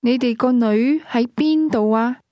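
Woman saying example lines real slow, mellow voice, dry studio. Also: fairly high pitch, no room sound. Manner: careful, deliberate. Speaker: native speaker model voice. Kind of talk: slow model pronunciation.

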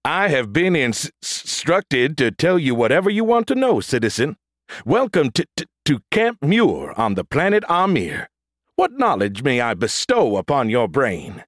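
A man voicing a damaged, stuttering android soldier in a battlesuit with a booming voice, in an audiobook. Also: wildly swooping pitch, fairly bright tone, dry recording, clean studio sound. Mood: eager booming. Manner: stutters on first sounds, booming, slow drawn-out words. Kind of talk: audiobook character voice.

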